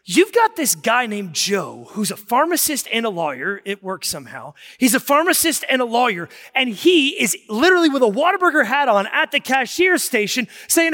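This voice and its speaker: A man preaching a sermon as pastor, telling stories in an animated way that rises to shouts of emphasis. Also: very high voice, moderate pace, few pauses, in a large hall. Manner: animated storytelling, rising to shouts.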